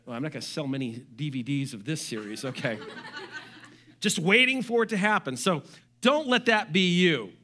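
A high, bright male voice preaching to his congregation. He is a middle-aged pastor who keeps things animated, slipping in joking asides and putting on voices for the people he quotes. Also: moderate pace. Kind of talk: sermon.

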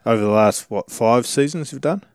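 A man hosting a casual interview, asking relaxed and encouraging questions. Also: mid-range voice, a little fast, dry recording, studio quality. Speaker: podcast host.

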